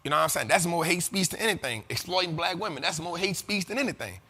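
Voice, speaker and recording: High, forceful man talking in a reverby space. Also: fast, husky. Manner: animated and profane, keeps asking "you feel me?". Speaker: host of a money and investing show. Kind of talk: casual commentary.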